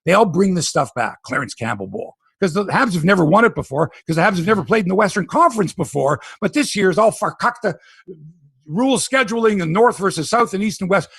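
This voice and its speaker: A man hosting a sports podcast, ranting in animated, profane casual talk. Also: high-pitched, a little fast, vocal fry, husky, dry recording.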